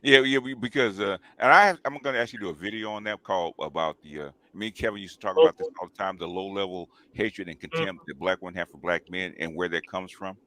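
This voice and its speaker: A man's voice: deep voice, fast, few pauses, a bit bright. A man hosting a talk show, explaining his points emphatically and checking in with "okay?" and "right?". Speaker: host.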